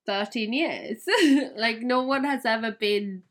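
A woman hosting a casual podcast chat, speaking in a measured, reassuring way. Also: a little high. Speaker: podcast host, wholesale coach.

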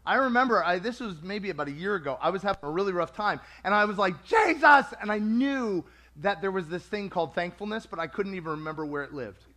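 A man preaching a sermon to a congregation in a lively, conversational way, acting out quoted voices. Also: high voice, fast talker.

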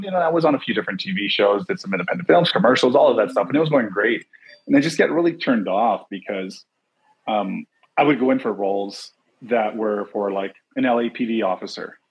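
A middle-aged man from Los Angeles, a guest in a casual interview, who tells stories in an animated way over a video call. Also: mid-range voice, breathy edge, rough recording. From Los Angeles, USA. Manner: animated storyteller, acts out quotes. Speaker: interview guest, actor and producer.

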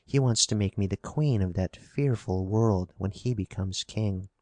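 A man's voice: on the low side, measured pace, dark tone, dry recording, natural voice. A man reading the part of a frightened young woman, pleading and anxious. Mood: fearful.

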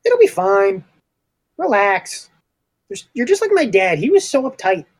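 A man voices a young dragon-blooded adventurer who shrugs off every warning. The voice is breezy and dismissive, sitting a little above his everyday pitch. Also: huge pitch swings, measured pace, husky, full character voice.

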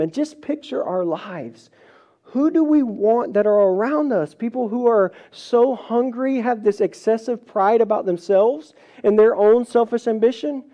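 A male pastor preaching a sermon, telling stories with lively acted-out quotes and a pace that speeds up and slows down. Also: sits high, muffled recording. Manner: animated storytelling, acts out quoted voices, varied pace.

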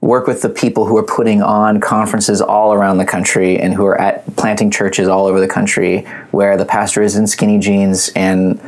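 A man with a very deep voice speaks as a podcast guest. He stammers as he gets going, then settles into a casual flow. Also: level tone. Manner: halting, stammers at starts.

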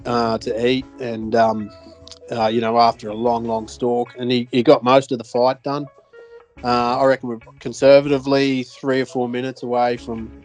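A podcast co-host with an Australian accent and a medium-pitched, darkish voice tells a fishing story in relaxed conversation. The telling wanders, full of fillers, restarts and swearing.

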